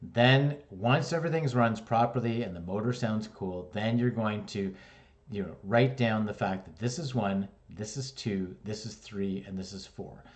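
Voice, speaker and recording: A man from Canada with a somewhat low voice teaches a hands-on electrical lesson. He talks conversationally and explains step by step, tossing in quick "right?" and "okay?" checks. He sounds middle-aged and relaxed in front of his students. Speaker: electrical instructor. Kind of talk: casual classroom lesson.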